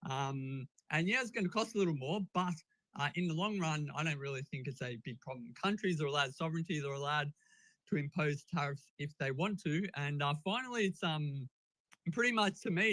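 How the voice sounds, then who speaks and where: A man with an Australian accent speaking as a guest on a live audio chat, measured with hesitant fillers and wry asides. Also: fairly high pitch, fairly bright tone, no room sound, low-quality recording. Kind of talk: casual opinion talk.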